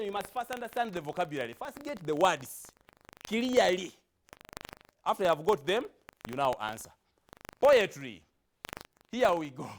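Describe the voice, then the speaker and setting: A man's voice: a little high, slight background noise. A man teaching a primary lesson for broadcast. He speaks emphatically and repeats key phrases to coax the children. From Uganda.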